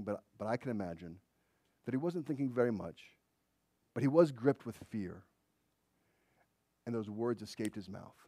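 A man preaching a sermon in a dramatic way, dropping to a hush and then rising to loud emphasis. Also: fairly low pitch, expressive, moderate pace, long pauses, no room sound, clean studio sound.

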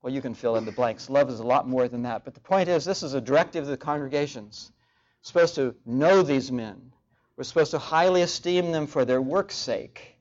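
A man preaching a sermon in a measured way, repeating key phrases for emphasis, on a dull lo-fi recording. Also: mid-range voice, darkish tone.

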